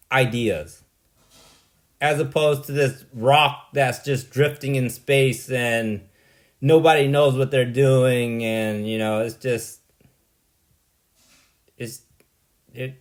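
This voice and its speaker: A man delivering a rambling, blunt monologue, dismissive and exasperated, often tagging "right?" onto his points. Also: mid-range voice. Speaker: vlogger.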